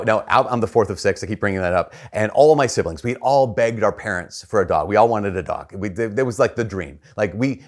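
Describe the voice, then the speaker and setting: A priest with a somewhat low voice gives a homily in a church. He tells stories in a conversational, self-deprecating way and often restarts his sentences. He sounds like a man talking easily to his congregation. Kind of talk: gospel reading and homily.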